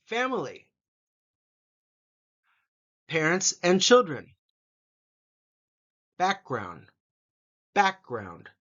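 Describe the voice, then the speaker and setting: A man teaching English vocabulary, saying each word slowly and repeating it for learners to copy. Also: a little high, bright, forceful tone, muffled recording. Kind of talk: vocabulary pronunciation lesson.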